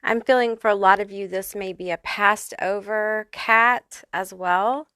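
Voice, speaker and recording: A woman's voice: medium pitch, steady tone, a little slow, sharp tone, clean tone, dry recording. A woman giving a casual pick-a-card tarot reading who swears freely and laughs often. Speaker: tarot reader.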